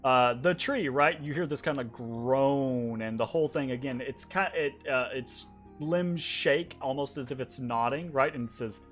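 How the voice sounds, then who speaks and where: A man narrating a tabletop game as game master, halting and full of ums and fillers. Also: medium pitch, a bit bright, faint music behind. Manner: halting, lots of ums and kinda-likes.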